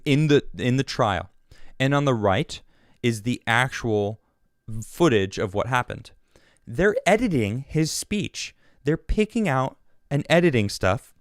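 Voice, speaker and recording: A man's voice: medium pitch, dry recording, studio quality. A man hosting his own show, giving an indignant, rambling political monologue full of restarts. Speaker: show host.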